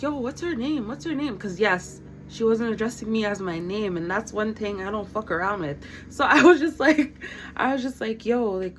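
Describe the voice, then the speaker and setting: A young woman in her twenties tells a casual storytime at home, blunt and lively. She swears freely and quotes the people she talks about. A faint hum sits behind her voice. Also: medium pitch, low-quality recording. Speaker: vlogger.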